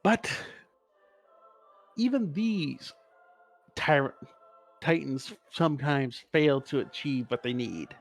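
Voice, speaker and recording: A man's voice: on the high side, animated, takes it slowly, creaky, long pauses, soft background music. A man co-hosting a casual podcast, explaining game lore in a rambling, profane way and correcting himself as he goes.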